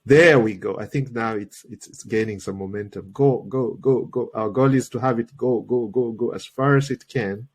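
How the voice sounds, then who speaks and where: A man's voice: on the low side, moderate pace, hardly any pauses, breathy edge. A man hosting a live trading tutorial, slightly worn from a recent cold, chatty and checking in with listeners constantly. He speaks English as a second language. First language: not English. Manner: chatty, peppers talk with "okay?" and "guys". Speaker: trading coach and livestream host.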